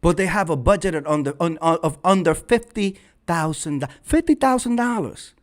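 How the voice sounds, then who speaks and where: A man's voice: on the high side, expressive, moderate pace. A man hosting his own vlog, delivering a fiery, profane rant and repeating phrases for emphasis into a red microphone. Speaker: vlog host. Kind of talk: ranting commentary.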